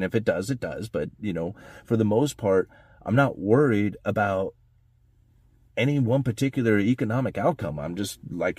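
A man's voice: fairly low pitch, darkish tone, slightly rough, dry recording, studio quality. A man giving a rambling, conversational commentary on the economy, often tagging his points with "right?" and "you know". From United States. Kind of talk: casual monologue.

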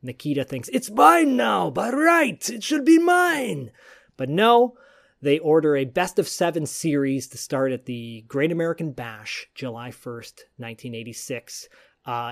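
A man co-hosts a casual podcast, recounting a story with rambling enthusiasm. His voice sits at an ordinary middle pitch. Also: moderate pace. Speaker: podcast co-host. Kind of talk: casual chat.

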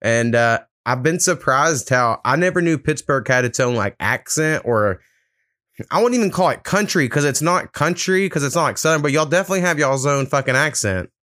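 A man's voice: on the high side, lively intonation, normal speed, bright, forceful tone, dry recording, clean studio sound. A man hosting a podcast in a loose, laid-back way, swearing often. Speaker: podcast host. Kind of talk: casual podcast chat.

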